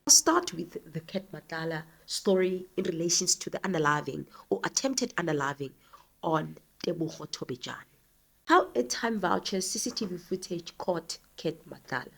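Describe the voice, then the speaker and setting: A woman talks through the news in a measured commentary style. Her voice sits on the low side and carries a husky, breathy texture. She leans into each point with earnest, emphatic delivery. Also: animated, fairly bright tone. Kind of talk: commentary reading news articles.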